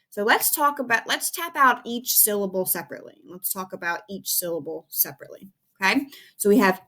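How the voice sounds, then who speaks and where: A woman's voice: medium pitch, animated, fairly quick, gravelly, a bit bright. A young woman teacher giving a patient, sing-song phonics lesson to young children, calling out sounds for them to repeat.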